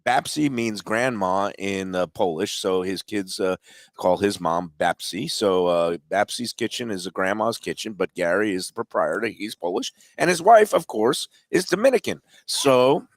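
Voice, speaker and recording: A man hosting a casual radio show while hoarse from a chest cold, rambling with lots of fillers and restarts. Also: lowish voice, animated, normal speed, no room sound. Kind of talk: casual on-air chat. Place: live remote broadcast at a brewery.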